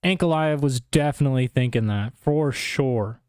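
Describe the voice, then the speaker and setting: A man's voice: medium pitch, normal speed, a little mellow, clean tone, no echo, clean studio sound. A young man ranting casually about fight cards, exasperated and incredulous, dropping "bro" often. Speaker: MMA commentator. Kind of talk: casual opinion rant.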